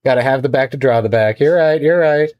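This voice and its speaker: A man's voice: mid-range voice, brisk, no echo, muffled recording. A man chatting casually with his viewers on a livestream while he draws, rambling and laughing often. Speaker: streamer.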